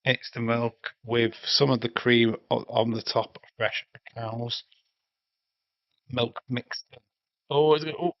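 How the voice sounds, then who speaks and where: A man's voice: medium pitch, steady tone, slow, no echo, muffled recording. An English man hosting a casual movie watch-along stream, chatting with viewers and swearing freely. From England. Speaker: livestream host.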